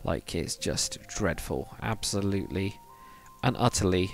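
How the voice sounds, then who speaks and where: A man's voice: low-pitched, animated, measured pace, creaky, faint music behind. A young man, chatting casually on a live stream while building in a game, rambling and reading viewer comments aloud.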